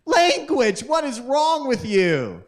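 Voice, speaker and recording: A man voicing a prim, stern middle-aged mother who scolds in a high prissy tone. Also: wildly swooping pitch, takes it slowly, heavily acted. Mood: scolding.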